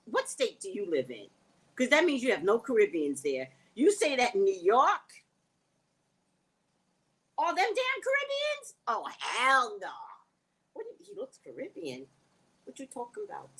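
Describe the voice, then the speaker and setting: A woman's voice: on the high side, unhurried, long pauses, husky. A woman hosting a casual live stream, reading viewer comments aloud and answering them in a blunt, joking way. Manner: blunt, joking, lively, laughs often.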